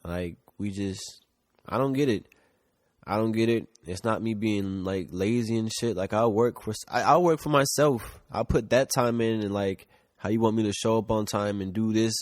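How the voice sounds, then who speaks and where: A man's voice: lowish voice, normal speed, dry recording, clean studio sound. A man co-hosting a podcast in loose casual chat, rambling with lots of "like" and the odd swear word. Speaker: podcast co-host. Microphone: shared mic.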